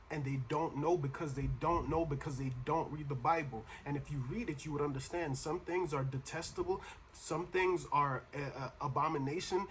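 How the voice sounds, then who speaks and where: A man's voice: on the high side, a little hiss or hum. A man hosting a reaction video, giving casual, preachy commentary full of slang and asides to the viewer. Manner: preachy, slangy, addresses listener as bro.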